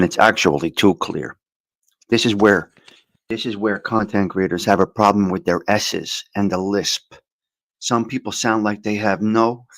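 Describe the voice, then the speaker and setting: A man's voice: on the low side, low-quality recording. A man hosting a casual morning livestream, chatting and wisecracking with viewers by name, his voice a little off after a long night, talking into a cheap handheld mic. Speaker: livestream host. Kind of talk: casual live chat reading viewer comments. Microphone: cheap handheld mic moved near and far.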